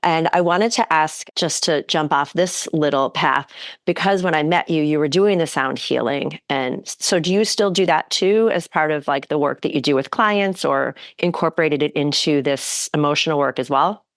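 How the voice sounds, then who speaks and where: Woman podcast host, low pitch, dry close sound, giggly and animated. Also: moderate pace, no echo. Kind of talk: casual interview chat.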